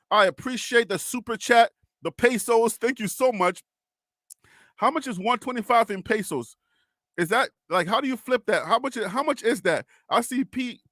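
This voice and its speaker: A man hosting a live sports stream, excitable and teasing, calling out chat names in what he calls his radio voice. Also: high-pitched, dry recording, studio quality. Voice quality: self-described radio voice.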